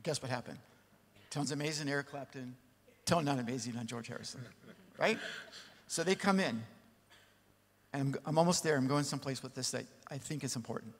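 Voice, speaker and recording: A man who is a record producer telling a story on a panel, animated and full of lively asides. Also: mid-range voice, fairly quick, pauses often. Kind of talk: anecdotal panel talk. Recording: long reverb in a large hall.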